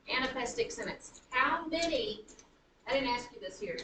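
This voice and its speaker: A woman teaching a high school writing class, chanting the stress patterns of words aloud. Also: expressive, normal speed, distant mic, background noise. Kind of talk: classroom lecture on poetic meter. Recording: echoey classroom recorded from afar.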